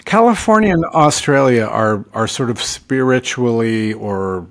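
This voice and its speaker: Medium in pitch, creaky and unhurried yet animated, this middle-aged man's voice belongs to a podcast co-host who tours as a musician. It's late at night, and he's sleepy and fading, rambling through casual chat and trailing off.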